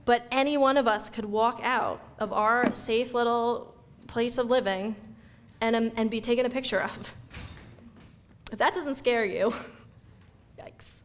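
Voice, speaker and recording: Energetic woman giving a lively talk. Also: a little high, a little slow, slight background noise. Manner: energetic, conversational, acts out quoted reactions. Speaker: speaker giving a talk on youth mental health. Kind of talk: lively lecture to an audience. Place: event room before an audience.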